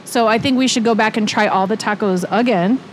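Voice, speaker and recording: A woman co-host in a relaxed chat, thinking out loud and often restarting her sentences. Her voice is a little high. A faint ambience hangs in the background. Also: fairly quick, a little hiss or hum. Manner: chatty, thinking aloud with restarts. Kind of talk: casual chat.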